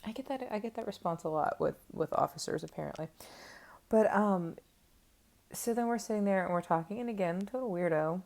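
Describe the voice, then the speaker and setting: A woman's voice: medium pitch, a little fast, gravelly, darkish tone. A woman in her thirties telling a candid, self-mocking story to camera in a casual chat, with lots of fillers. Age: 30s. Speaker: vlogger.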